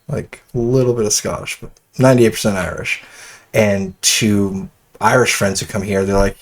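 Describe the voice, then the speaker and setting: American male reaction host, deep-ish voice, loose and rambling, opinionated delivery. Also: fairly even intonation, a little fast. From United States. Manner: rambling, many restarts and fillers, opinionated. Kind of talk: casual reaction commentary.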